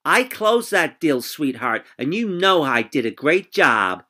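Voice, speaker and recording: Man putting on a breathy husky pushy businesswoman. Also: deep voice, big pitch swings, unhurried, bright, forceful tone, voice pushed up, full character voice. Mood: insistent. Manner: over-the-top, theatrical.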